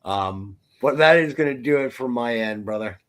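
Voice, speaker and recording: An adult man co-hosting a podcast, chatting casually and telling stories in a playful, animated way. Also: medium pitch, moderate pace, smooth. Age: adult, parent of a twelve-year-old. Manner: animated, playful storytelling with jokes. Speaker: podcast co-host. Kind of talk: casual chat.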